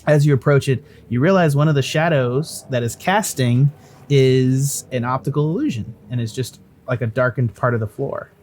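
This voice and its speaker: A man's voice: medium pitch, moderate pace. A man running a tabletop game as dungeon master, narrating scenes casually and correcting himself as he goes. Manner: relaxed, jokey, self-correcting. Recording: faint background noise.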